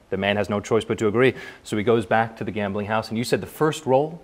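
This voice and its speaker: A man, a magician, telling a story while doing a trick, in a halting way with frequent restarts. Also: lowish voice.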